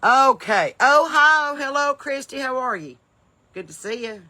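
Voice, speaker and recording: Woman comedian, crisp and sharp-toned, runs a casual live stream from her porch with an upbeat, folksy flow. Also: high-pitched, animated, measured pace. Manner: folksy, upbeat, bursts of loud welcomes between rambling asides. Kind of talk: chatty live-stream greetings to viewers. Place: home porch in the evening.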